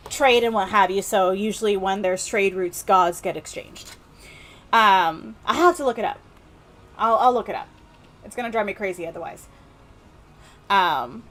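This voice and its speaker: A woman's voice: a little high, a bit bright. A woman streamer giving casual, rambling gameplay commentary full of fillers. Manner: chatty, rambling, with many fillers.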